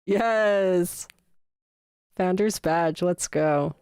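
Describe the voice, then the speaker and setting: A woman's voice: on the low side, drawn-out words, a little mellow, clear, resonant tone, dry recording, clean studio sound. A young adult woman livestreaming games, chatting casually with her viewers and gushing when thanked. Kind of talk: casual gaming livestream chat.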